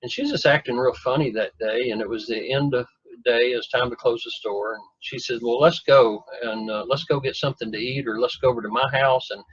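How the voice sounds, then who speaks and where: Give me a folksy man telling a rambling story, husky and a bit muffled. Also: mid-range voice, steady tone, brisk, no echo. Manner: rambling, folksy, self-deprecating humor. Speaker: guest telling his story. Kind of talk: casual storytelling. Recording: dull lo-fi dry recording.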